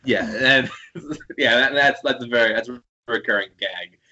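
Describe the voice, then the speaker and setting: A man's voice: medium pitch, moderate pace, sharp tone, muffled recording. A man co-hosting a podcast, chatting casually through an episode recap, laughing often and acting out quoted lines. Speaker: podcast co-host.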